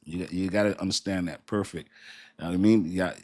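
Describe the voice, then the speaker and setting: A young man hosting a casual crypto livestream, reading viewer comments aloud in a lively, colloquial way and laughing often. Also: low voice, fast.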